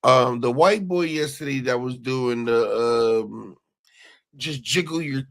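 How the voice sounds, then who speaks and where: A man co-hosting a casual podcast, talking haltingly with lots of fillers. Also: medium pitch, creaky, a bit bright. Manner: halting, fills with "like". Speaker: podcast co-host.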